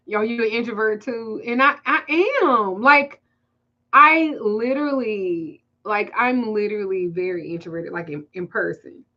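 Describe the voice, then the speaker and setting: A woman's voice: a little high, slow, bright, forceful tone, muffled recording. A woman with a Southern US accent hosting a casual livestream, telling stories in loose, profane, laughing banter. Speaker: spiritual reader and livestream host.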